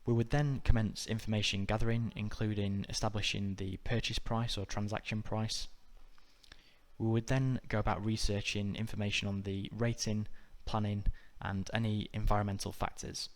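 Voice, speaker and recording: A man narrating a scripted exam-prep lesson in a measured, methodical way. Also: lowish voice. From United Kingdom. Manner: measured, even, methodical delivery. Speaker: exam tutor.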